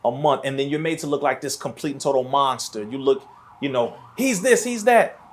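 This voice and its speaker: A man speaking as a podcast guest, preachy and animated, his voice rising toward near shouts in a studio. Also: mid-range voice, brisk. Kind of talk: impassioned podcast talk.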